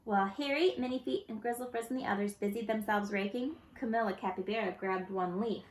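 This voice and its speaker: Reading a picture book to children, this storyteller is animated and expressive, her mid-range voice moving a little fast. The room she's recorded in echoes.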